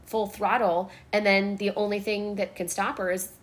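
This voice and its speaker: A woman hosting a podcast, telling a story in casual chat, animated and swearing freely. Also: medium pitch, normal speed, a little hiss or hum. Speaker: podcast host.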